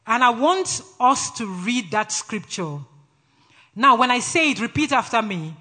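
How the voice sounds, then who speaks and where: A man with a Nigerian accent preaching a sermon in a brash, forceful way. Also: very high voice, big pitch swings, a little slow. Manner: brash, forceful, laughs often between phrases.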